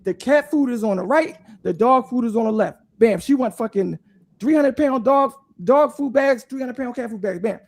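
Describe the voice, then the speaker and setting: Fast-talking animated male storyteller. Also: very high voice. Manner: animated, profane, fast storytelling that acts out quoted voices. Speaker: panelist storyteller. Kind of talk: casual storytelling on a live panel stream.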